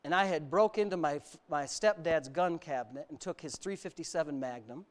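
A man's voice: fairly high pitch, brisk. A male pastor from the United States giving a candid personal testimony in a sermon, mixing self-mocking humor with serious storytelling.

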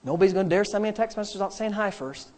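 A middle-aged male pastor delivers a sermon in a high voice. He drives his points home with repeated phrases and shifts between loud emphasis and soft prayer. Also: very fast. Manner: emphatic preaching with repetition, dropping to quiet prayer.

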